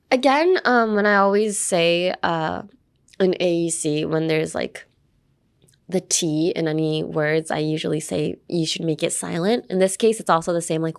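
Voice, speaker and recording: A woman's voice: lowish voice, animated, moderate pace, creaky. A young woman hosting a casual podcast lesson, chatting playfully and repeating words over and over to demonstrate how they sound. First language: English. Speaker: podcast host teaching English pronunciation.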